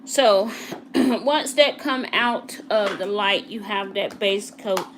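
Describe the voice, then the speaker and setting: A woman's voice: mid-range voice, takes it slowly. Woman, casual nail-tech tutorial voice, talks to viewers while working, light background hiss. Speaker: nail technician. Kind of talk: casual live tutorial chat.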